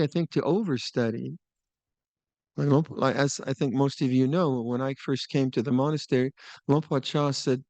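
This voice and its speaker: An older man teaching meditation at a retreat, talking in a relaxed, musing way with small laughs and restarts. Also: fairly high pitch, no room sound. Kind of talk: Dharma talk at a retreat. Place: retreat hall.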